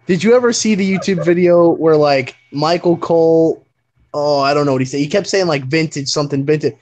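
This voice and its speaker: A man's voice: a little high, fairly quick, a little mellow. A man co-hosting a podcast in casual chat, telling stories with laughs and swearing. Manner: laughing, profane storytelling. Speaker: podcast co-host.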